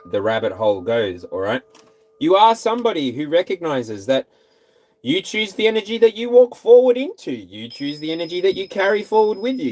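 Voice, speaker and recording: A man giving a casual tarot reading, animated and repetitive, now and then singing or whooping. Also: medium pitch, a little hiss or hum. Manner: animated, repeats phrases, breaks into scat singing and whoops. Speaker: tarot reader.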